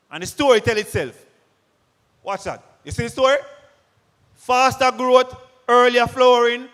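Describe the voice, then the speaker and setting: A man with a Jamaican accent giving an energetic product presentation to farmers, firing questions at the crowd. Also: high voice. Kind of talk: lively sales presentation to a live audience. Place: large conference hall. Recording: long hall reverb.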